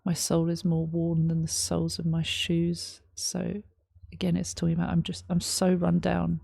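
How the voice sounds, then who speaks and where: A woman reacting to a song, reading lyrics aloud and explaining them in a thoughtful, halting way, with many ums. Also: fairly low pitch, completely flat delivery, vocal fry, mellow, breathy edge, no echo, clean studio sound. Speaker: music reaction host. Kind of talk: casual reaction commentary.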